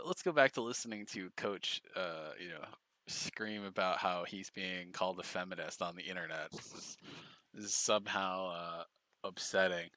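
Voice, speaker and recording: A man's voice: low voice, bright, forceful tone, no echo. A man streaming, giving casual, profane, mocking commentary on clips.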